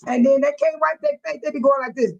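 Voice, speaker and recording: A woman's voice: sits high, sing-song, fast, vocal fry, lo-fi sound. A middle-aged woman hosting a casual livestream, reading chat comments aloud and laughing often. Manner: sweating and fanning herself after dancing. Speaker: livestream host.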